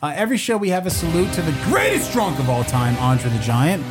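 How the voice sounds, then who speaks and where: A male podcast host riffing in loose, jokey chat, his pitch jumping around as he talks and cusses. Faint music sits under his voice. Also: big pitch swings, a little fast. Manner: joking, loose, swears freely. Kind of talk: casual podcast banter.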